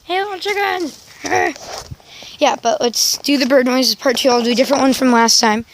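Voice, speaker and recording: A woman with a high, bright-pitched voice rambles casually to her viewers from a sunny yard. She drifts between asides and ums, and slips into a sing-song coo when she greets her pets and chickens. Faint noise sits behind her. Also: steady tone, a little fast. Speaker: vlogger. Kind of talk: casual vlog chat.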